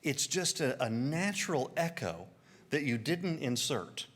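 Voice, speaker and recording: Southern guy preaching, mid-pitched voice, animated storyteller, does little voices. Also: measured pace. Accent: Southern American. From American South. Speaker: pastor. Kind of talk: sermon.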